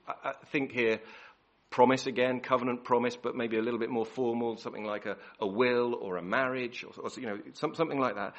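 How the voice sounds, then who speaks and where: A man's voice: mid-range voice, fairly even intonation, a little fast. A man preaching a sermon, emphatic and repeating key words, often restarting his phrases. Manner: self-correcting restarts.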